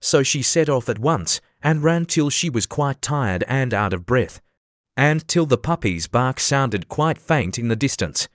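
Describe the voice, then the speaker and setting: Guy narrating a classic kids story, steady, mid voice, dead dry room. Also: medium pitch, unhurried, no room sound. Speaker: audiobook narrator. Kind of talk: scripted narration.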